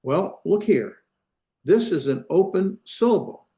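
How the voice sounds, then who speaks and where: A Hebrew instructor's high-pitched, animated voice comes through a computer mic on a video call, a little slow and mellow, with an echoey room around it. Teaching an online class, he explains step by step, often using fillers and restarting sentences.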